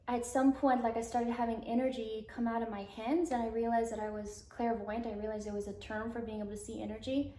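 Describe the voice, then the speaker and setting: Guest, woman in her twenties from Alabama, higher voice, rambling storyteller, echoey room. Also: mellow, a little hiss or hum. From Alabama, US South. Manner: rambling, lots of "like", acts out quoted dialogue. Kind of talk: personal storytelling interview.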